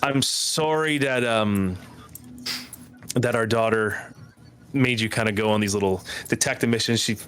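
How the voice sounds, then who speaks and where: A man's voice: fairly low pitch, measured pace, pauses often, fairly bright tone, smooth, voice pushed down. A man doing a nervous, apologetic elf dad. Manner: hesitant, apologetic.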